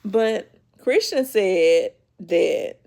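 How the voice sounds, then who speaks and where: A woman's voice: medium pitch, expressive, extremely slow, vocal fry, dark tone. A woman hosting her own channel, chatting casually as she retells a reality TV episode and acts out the quoted lines. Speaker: YouTube show host.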